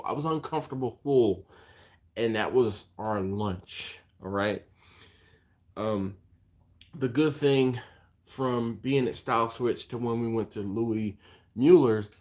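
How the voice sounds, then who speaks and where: A fairly low-voiced man hosting a casual live stream, tired and yawning between thoughts. He rambles on in a loose, chatty way and stops to answer viewer comments. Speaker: barbecue channel host.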